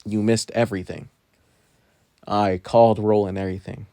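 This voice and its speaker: A man's voice: fairly low pitch, flat delivery, moderate pace, vocal fry, dark tone, no room sound, studio quality. A man voicing a weary but caring adult teacher who talks plainly. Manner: tired, plain-spoken.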